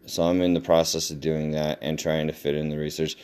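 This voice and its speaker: A man's voice: a bass voice, flat delivery, fairly quick, darkish tone, clear, resonant tone. A middle-aged man hosting a podcast, telling a home story in a loose, rambling way with fillers and laughs. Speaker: podcast host. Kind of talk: casual storytelling monologue.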